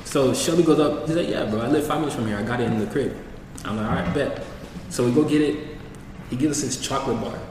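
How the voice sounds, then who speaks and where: A man's voice: medium pitch, fast talker, darkish tone, slight background noise. A young man telling a story to friends in casual chat, laid-back and full of slang. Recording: echoey room, voice from far off.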